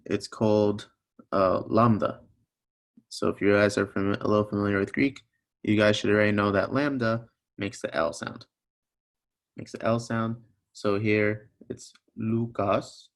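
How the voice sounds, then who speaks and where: In this recorded language lesson, the teacher is a young man with a fairly low-pitched voice. Step by step, he patiently covers every sound and says his examples more than once to help the listener follow.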